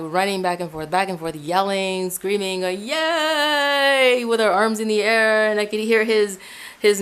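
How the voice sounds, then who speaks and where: Animated woman telling a personal story. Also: mid-range voice, clean tone. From Ecuador. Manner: animated storyteller, addresses listeners as "guys", frequent restarts and repeats. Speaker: Christian testimony speaker. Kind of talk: casual spoken personal testimony. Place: indoors at home, in her room.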